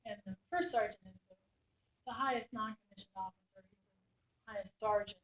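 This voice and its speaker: A middle-aged woman, a war reporter, telling lively anecdotes to a class and acting out the soldiers' lines. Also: medium pitch, a little fast. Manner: animated anecdote-telling, acts out quoted soldiers. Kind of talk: storytelling talk. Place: lecture room. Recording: echoey room.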